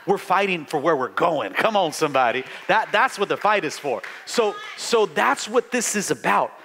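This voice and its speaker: A middle-aged man preaching a live sermon with fervent energy, stammering restarts and bursts of shouting. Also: sits high, lively intonation, moderate pace, slight background noise. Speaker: pastor.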